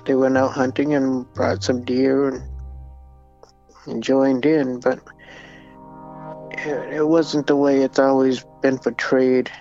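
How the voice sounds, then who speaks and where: A man giving reflective interview answers, halting and repeating words as he thinks. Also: medium pitch, level tone, mellow, highs cut off, faint music behind. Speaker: interviewee, Wampanoag community member.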